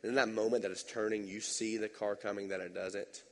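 A man pastor giving a conversational, animated sermon in a church sanctuary. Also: on the low side, fairly quick. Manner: conversational, animated, tag questions. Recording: long hall reverb.

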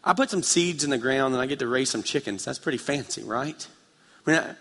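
A man preaching a sermon with passion, moving between quiet, intimate passages and loud, fervent ones as he tells a story. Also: medium pitch, lively intonation, fairly quick. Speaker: pastor. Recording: reverberant hall.

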